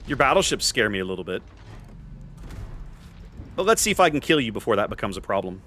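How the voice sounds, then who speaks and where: A man's voice: lowish voice, very animated, fast, sharp tone, slight background noise. A man streaming a game, chatting casually with his viewers in a rambling, self-interrupting way. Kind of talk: casual gameplay commentary with chat.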